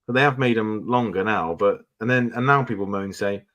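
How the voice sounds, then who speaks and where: A man's voice: lowish voice, animated, fast, few pauses. A man in a casual chat, giving opinions in a rambling way.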